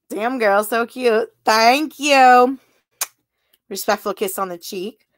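A woman with a high voice hosts a livestream, chatting casually with viewers at a slow, easy pace. She giggles often and sounds flattered while responding to their comments.

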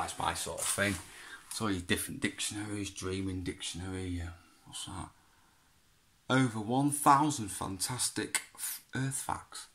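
A man with a lowish voice, rambling and chatty, swearing freely and laughing often as he talks to someone who is not there. A faint hiss sits behind him. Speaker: vlogger. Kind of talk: casual chat, talking to an absent child.

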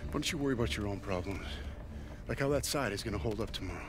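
An actor playing a gruff army sergeant who gives orders in a dry, sarcastic way in a war game. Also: male voice, on the low side, animated, racing, background noise, close to an everyday voice. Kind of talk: scripted game voice acting.

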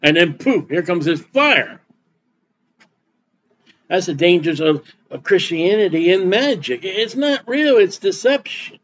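A man's voice: high voice, animated, measured pace, a bit bright, muffled recording, slight background noise. A man preaching a sermon as pastor, folksy and repetitive, reading scripture aloud between his comments. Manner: folksy preaching with repeated words and Bible reading.

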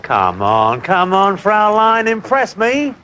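A man's voice: sits high, huge pitch swings, slow, pushed and bright, slight background noise, heavily acted. An actor playing a brash, boorish Englishman who blusters, laughs a lot and speaks crudely. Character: brash loud Englishman, boorish house hunter. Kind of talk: TV drama acting.

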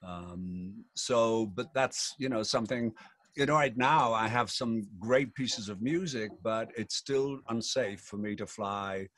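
A man's voice: fairly low pitch, unhurried, fairly bright tone, dry recording. Jokey Yorkshire man in his sixties, dry close voice. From England. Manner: theatrical, jokey, camp asides. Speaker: rock singer. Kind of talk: playful interview chat.

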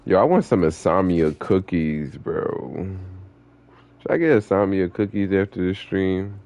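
Streaming an online game, a young man keeps up casual, slangy, profane chat with his viewers in a laid-back way. His low-sitting voice is animated yet measured in pace, over dull-sounding audio.

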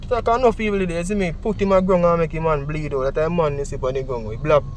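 Interviewee: young Jamaican man, high and lively, heavy patois, outdoors with faint traffic behind. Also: quick pace. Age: young adult. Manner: animated, heavy Jamaican Patois, acts out quoted speech. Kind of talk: recounting events in interview.

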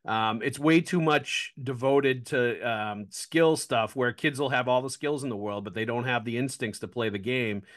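A man hosts a sports podcast in easy, chatty talk. He piles up his points in quick runs and backs his guest with firm agreement, speaking at an everyday male pitch. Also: fairly bright tone. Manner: chatty, frequent "like" fillers, emphatic agreement. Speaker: podcast host. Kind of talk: casual podcast chat.

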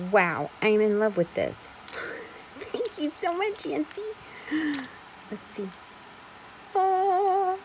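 A woman excitedly unboxing craft supplies in a casual vlog, gushing with frequent gasps and exclamations. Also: medium pitch, a little hiss or hum, poor audio. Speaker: craft vlogger unboxing a swap package.

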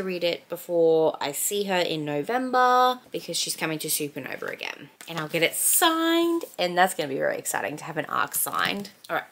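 This young Australian book vlogger has a fairly low, sing-song voice with vocal fry and a fairly bright tone, talking at a normal speed with few pauses. Chatting casually at home about the books she's reading, she giggles often and leans heavily on "like."

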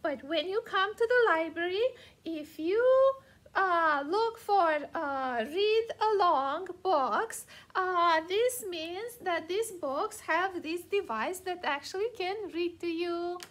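High, sing-song woman reading to toddlers. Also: slow pace, fairly bright tone. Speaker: children's librarian. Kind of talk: picture-book reading for toddlers.

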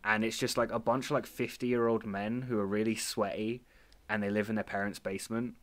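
A woman's voice: rumbling low, flat delivery, brisk. A woman in her twenties co-hosting a comedy podcast, joking playfully and laughing often, on a voice-call mic. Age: 20s. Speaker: podcast co-host. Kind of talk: casual comedy chat. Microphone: computer mic on a voice call.

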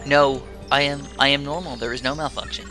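Man voicing a loyal male game computer, formal and measured, bright tone. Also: medium pitch, fairly even intonation, faint music behind, pitched above the performer's own voice. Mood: solemn. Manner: stiff, formal, measured speech. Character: dutiful male base computer with a conscience.

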